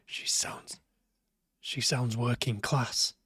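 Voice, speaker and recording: A man's voice: mid-range voice, fairly even intonation, slow, sharp tone, breathy edge, no echo, in a whisper, studio quality. A man streaming a horror game, joking and talking back to its characters, swearing now and then when startled. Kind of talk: live gameplay commentary.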